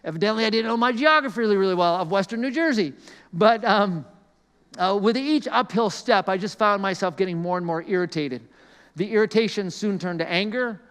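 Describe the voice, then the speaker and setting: A man's voice: sits high, fairly bright tone, smooth. A man, a pastor, telling a personal story to a congregation in a conversational way, acting out the voices of people he met. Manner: conversational, acts out quoted voices, self-deprecating. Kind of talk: storytelling sermon. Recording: long reverb of a large hall.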